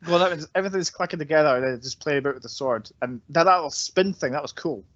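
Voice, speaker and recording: A man on a casual film podcast, relaxed and laughing along with the others. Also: fairly high pitch, fast talker. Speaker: podcast co-host. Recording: dull lo-fi podcast audio.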